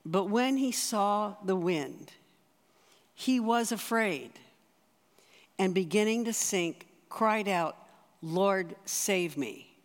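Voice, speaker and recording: A spiritual director giving a conversational, earnest sermon, often restarting phrases and slowing for emphasis. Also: mid-range voice. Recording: long reverb of a large hall.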